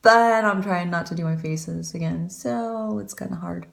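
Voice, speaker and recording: Chatty, rambling woman with a lowish voice. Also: normal speed, gravelly. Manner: chatty, rambling, self-deprecating. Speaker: beauty vlogger. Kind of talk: casual makeup tutorial chat.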